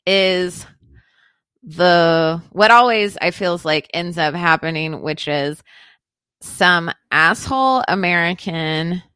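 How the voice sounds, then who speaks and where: A woman's voice: on the low side, slow pace, pushed and bright, smooth, dry recording. A woman hosting a podcast, casually telling a story in a profane, rambling way with lots of fillers. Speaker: podcast host.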